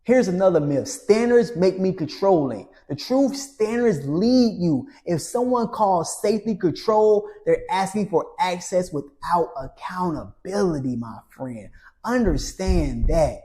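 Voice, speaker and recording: A man coaching in a motivational monologue, preachy and emphatic, listing rules in short punchy phrases and often ending with a soft, low "my friend.". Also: lively intonation, unhurried. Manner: preachy, repeats "my friend" with a dropped, quiet tail. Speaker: relationship coach.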